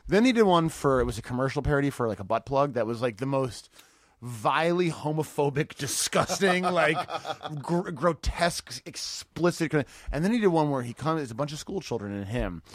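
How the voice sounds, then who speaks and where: A comedian guest on a podcast, telling stories in lively casual chat and swearing freely. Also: male voice, fairly high pitch, fairly quick, dry recording, studio quality. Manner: animated storytelling, swears freely.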